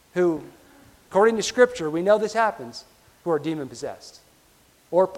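High-voiced preacher in a reverberant hall. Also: male voice. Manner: emphatic, often drops to a quiet, low delivery. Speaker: pastor. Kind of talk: sermon.

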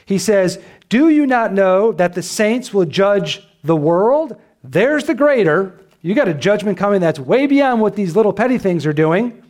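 High-voiced man preaching a sermon. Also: animated, unhurried, hardly any pauses, darkish tone. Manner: preaching with rhetorical questions and emphatic repetition. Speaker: pastor. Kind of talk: expository sermon.

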